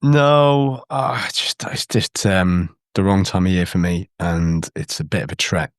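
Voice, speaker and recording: A man's voice: sits low, measured pace, no room sound, studio quality. A man co-hosting a casual football podcast, rambling and hesitant with many restarts. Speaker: podcast co-host. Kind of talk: casual chat.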